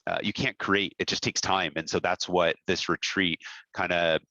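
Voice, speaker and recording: A man's voice: deep voice, steady tone, normal speed, pushed and bright, no echo, muffled recording. A man who owns a camp, talking through ideas in a casual podcast conversation and laughing easily. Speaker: camp owner, podcast co-host.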